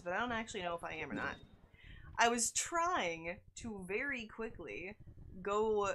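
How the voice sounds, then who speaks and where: A young woman streaming a video game, chatting excitedly with her viewers and reacting to their messages. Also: mid-range voice. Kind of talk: casual gaming stream chat.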